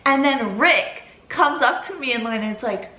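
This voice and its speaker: A woman in her twenties telling a story in a vlog, animated and casual, swearing freely. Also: sits high, moderate pace, slight background noise. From United States. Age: 20s. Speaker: vlogger. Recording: roomy echo.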